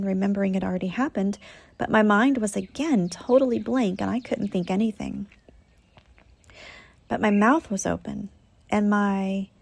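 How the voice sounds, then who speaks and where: Gravelly-voiced woman calmly recounting. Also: mid-range voice, no echo. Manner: calm, matter-of-fact recounting. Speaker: spiritual healer. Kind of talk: narrating a personal spiritual experience.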